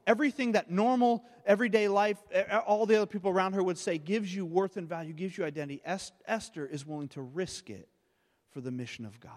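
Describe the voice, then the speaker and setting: A man's voice: sits high, a little mellow, in a large hall. A man preaching a sermon, retelling a story and often repeating his words as he goes. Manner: storytelling with frequent word repeats. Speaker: pastor.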